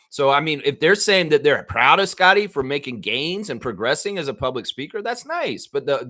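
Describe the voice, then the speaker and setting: A man with a Southern US accent hosting a live-stream, ranting in a heated, profane, animated way. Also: fairly high pitch. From American South. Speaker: show host. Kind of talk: casual live-stream commentary.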